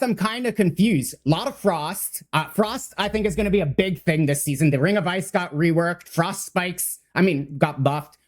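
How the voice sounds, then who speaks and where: A man streaming his first read of game patch notes, talking off the cuff with lots of fillers, restarts and the odd swear. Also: high voice. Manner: rambling, excitable, many fillers and restarts; swears casually.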